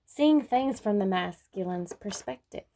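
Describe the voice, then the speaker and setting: A woman talks through a tarot spread in a slow, drawn-out way, thinking aloud as she goes. Her pitch sits at an ordinary middle height, and she often lets out soft little laughs. A faint hiss of noise runs under her voice. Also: animated. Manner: unhurried and musing, with frequent soft laughs. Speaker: tarot card reader. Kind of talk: casual spoken tarot reading.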